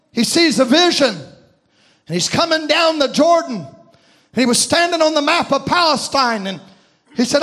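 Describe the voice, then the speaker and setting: In his sermon, a man's very high, ringing voice swells into fervent shouts as the narrative grows, and he deliberately slows select phrases for gravity.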